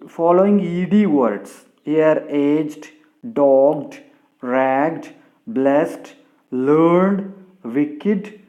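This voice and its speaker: A man teaching English pronunciation slowly, spelling out sounds one by one and ending phrases with a friendly "my dear friends". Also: darkish tone. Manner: slow, deliberate, repeats "my dear friends", drops pitch at phrase ends. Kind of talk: slow classroom explanation.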